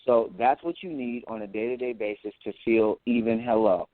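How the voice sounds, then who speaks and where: A man talking as an interview guest, boastful and animated, who often repeats words as he goes. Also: medium pitch, moderate pace, dry recording. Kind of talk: casual interview talk. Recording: tinny phone-like audio.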